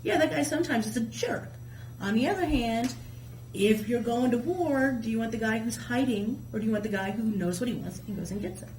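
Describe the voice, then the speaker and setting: A woman's voice: on the high side, fairly quick. Chatty woman in an echoey room. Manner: lively, colloquial storyteller. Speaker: guest. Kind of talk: casual chat and myth storytelling. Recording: echoey room with faint hum.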